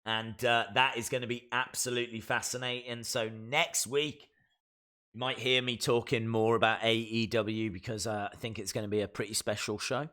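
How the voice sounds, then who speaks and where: A man with a Black Country English accent hosts a wrestling live stream in loose, chatty talk. His voice sits in an ordinary middle pitch but has a bright, forward edge, and his opinions are full of fillers. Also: little pitch movement, moderate pace. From West Midlands, England. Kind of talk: casual live-stream chat, reading viewer comments.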